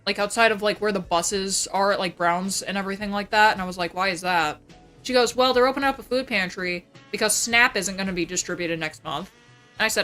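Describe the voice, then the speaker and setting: A young woman livestreamer venting in casual chat about family drama, swearing constantly and talking fast. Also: mid-range voice, bright, forceful tone, soft background music. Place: home.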